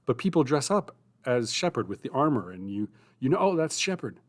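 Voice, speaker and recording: A man's voice: medium pitch, very animated. A man hosting a writing livestream, chatty and self-mocking, thinking aloud as he goes. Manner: chatty, self-mocking, thinks aloud; mutters his draft slowly and softly. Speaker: streamer hosting writing sprints. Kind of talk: casual livestream chat, then muttering while writing.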